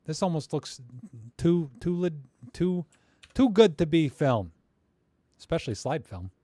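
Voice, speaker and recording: A man's voice: a little high, big pitch swings, measured pace, dark tone, dry recording. A young man chatting casually on a live stream, critiquing viewers' photos with joking asides and rants.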